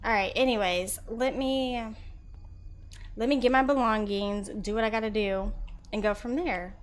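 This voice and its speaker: A young woman streaming a horror game, chatting with her viewers and reacting loudly. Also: mid-range voice, steady tone, normal speed, a little hiss or hum. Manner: chatty, loud reactions, talks to chat. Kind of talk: live horror game commentary.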